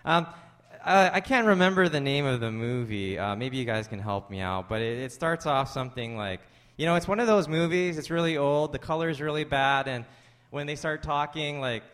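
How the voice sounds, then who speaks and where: A man's voice: a little high, moderate pace, long reverb tail. Conversational male pastor preaching. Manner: conversational, jokey asides, rising animated when joking. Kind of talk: sermon with storytelling.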